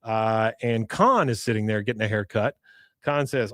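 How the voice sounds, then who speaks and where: A man's voice: lowish voice, normal speed, a bit bright, no echo, clean studio sound. A man hosting a podcast, casually retelling a cartoon episode scene by scene, acting out quotes and chuckling often. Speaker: podcast host.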